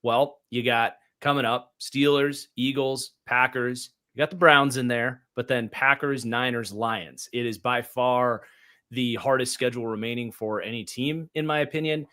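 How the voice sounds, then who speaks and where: A man co-hosting a casual football show, who gives blunt, opinionated takes in quick runs of speech. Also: medium pitch, fairly even intonation, pushed and bright. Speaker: co-host, football analyst. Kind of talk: casual sports chat.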